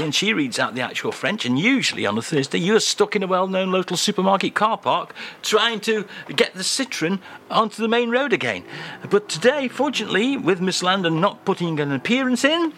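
Man, radio host, playful teasing banter, bright tone, fairly high voice. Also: slight background noise.

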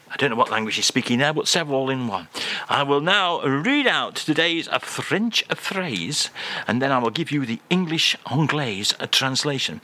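Lively, mock-formal male radio host. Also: medium pitch, normal speed. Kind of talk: comic radio segment.

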